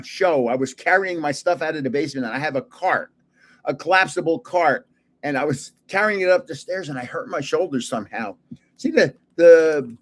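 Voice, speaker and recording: A man in his seventies hosting a casual livestream, rambling, chuckling often and trailing off while searching for words. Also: fairly high pitch. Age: 70s. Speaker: livestream host.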